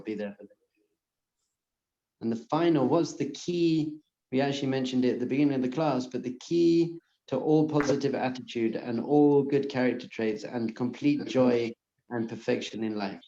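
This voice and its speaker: A man, a rabbi, giving an earnest class to a live audience and softly repeating calming phrases. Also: medium pitch, moderate pace. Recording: muffled, echoey room.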